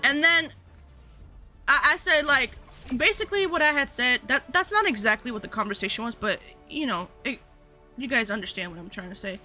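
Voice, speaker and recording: Bright-voiced woman streamer chatting rambly. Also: fairly high pitch, a little fast, soft background music. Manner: rambling, filler-heavy, addressing chat directly. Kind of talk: casual livestream chat.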